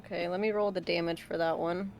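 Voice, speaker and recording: A woman's voice: lowish voice, fairly even intonation, fast, a little mellow. A woman playing a tabletop game, a bit unsure, checking the rules aloud before each move. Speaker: player. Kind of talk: casual tabletop game play.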